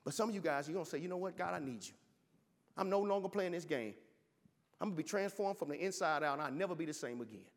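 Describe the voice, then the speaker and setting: Impassioned preacher in an echoing hall. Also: male voice, a little high, animated, fast. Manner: impassioned storytelling preacher with repeated restarts. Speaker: pastor. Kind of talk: sermon.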